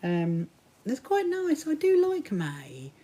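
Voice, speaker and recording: A woman's voice: high-pitched, wildly swooping pitch, takes it slowly, mellow. A woman with a mixed Kentish and Sussex English accent, chatting casually with livestream viewers while she sews, greeting them by name and laughing often. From south coast of England. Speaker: livestream host. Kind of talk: casual chat while sewing.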